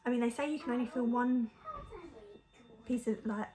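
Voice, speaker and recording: A woman's voice: on the high side, steady tone, normal speed, mellow. A young woman telling a personal story to camera in a frank, chatty way, laughing often and using lots of fillers. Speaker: mum vlogger.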